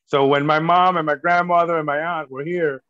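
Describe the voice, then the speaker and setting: A man's voice: on the high side, steady tone, normal speed, sharp tone. A middle-aged man, a filmmaker and actor, talking in a casual interview, earnest and rambling with many fillers and restarts. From United States. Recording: dull lo-fi audio.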